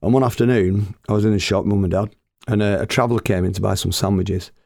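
A man's voice: on the low side, fairly even intonation, fast talker, gravelly, darkish tone, dry recording. An older man with an Oldham accent tells funny family stories in a dry, wry and earthy way, acting out what people said. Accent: Oldham, Northern English. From Oldham, England. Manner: acts out quoted people in voices. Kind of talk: humorous storytelling.

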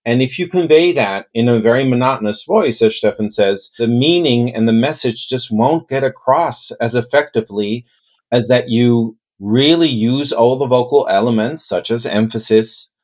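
A man who coaches people on voice and communication, answering in an interview in an animated, demonstrative way. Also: normal speed, lo-fi sound. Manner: animated, demonstrative, plays with his own pitch and pace.

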